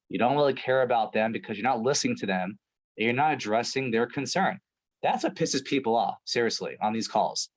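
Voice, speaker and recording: A man's voice: medium pitch, husky, rough recording. A man coaching a sales team over a video call, talking emphatically with lots of "right?" and "like". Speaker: sales trainer.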